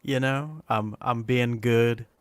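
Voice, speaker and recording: A man's voice: medium pitch, slow pace, clear, resonant tone, no room sound, clean studio sound. A man being interviewed casually as a comic book creator, laid-back and a bit hesitant.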